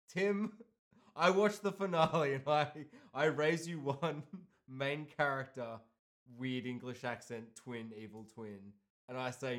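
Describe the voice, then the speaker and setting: A man in casual chat, animated and quick to laugh, with some casual swearing. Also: mid-range voice.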